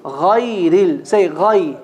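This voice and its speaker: A man's voice: high voice, animated, crowd noise. A man teaching Quran reading at a mosque, drilling letter sounds and quizzing his class with short questions. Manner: slow, patient drilling with quiz questions to the class. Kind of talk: call-and-repeat pronunciation lesson.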